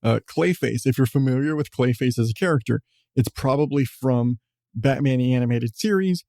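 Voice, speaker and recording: A man's voice: medium pitch, normal speed, gravelly, mellow, dry recording, clean studio sound. A man hosting a podcast, talking in a rambling, casual way with frequent swearing and chuckles. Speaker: podcast host. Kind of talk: casual chat.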